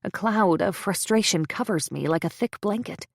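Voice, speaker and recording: Gravelly woman narrating a tense story. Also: mid-range voice, lively intonation, moderate pace, no echo, studio quality. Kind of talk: first-person audiobook narration.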